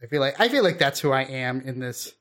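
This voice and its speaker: A man co-hosting a podcast in casual chat, rambling and laid-back, often trailing off quietly. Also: medium pitch, animated, fairly quick. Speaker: podcast co-host.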